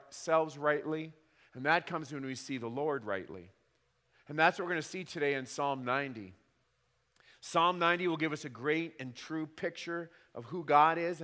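A man in his thirties preaching a sermon as a pastor, telling wry stories about his children with animated, emphatic repetition. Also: fairly high pitch. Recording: long hall reverb.

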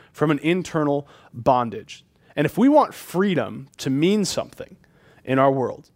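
A man preaching a sermon in a conversational, emphatic way, with frequent filler words. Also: on the high side. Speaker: pastor.

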